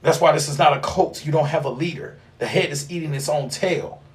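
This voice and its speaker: A man's voice: a little high, fairly quick. A man hosting a livestream, lecturing in a rambling, profane, preachy way full of slang. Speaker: livestream host teaching occult class. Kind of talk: casual livestream talk.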